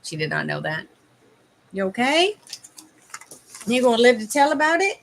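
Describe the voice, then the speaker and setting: A woman's voice: fairly high pitch, very animated, moderate pace, creaky, slight background noise. A Canadian woman in her thirties hosting a casual live stream from home, chatting with viewers in a teasing manner and laughing often. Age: 30s.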